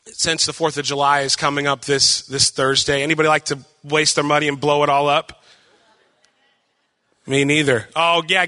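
Bright-voiced young pastor in echoing hall. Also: male voice, on the high side. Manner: chatty, joking, talks to the congregation with questions. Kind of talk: casual sermon. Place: church hall with long reverb. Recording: reverberant church hall.

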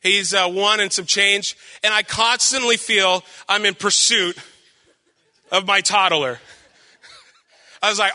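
A man's voice: high voice, fairly even intonation, normal speed, long pauses, bright, forceful tone. A young man preaching a casual sermon, chatty and joking, asking the congregation questions. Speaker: pastor. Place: church hall with long reverb. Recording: reverberant church hall.

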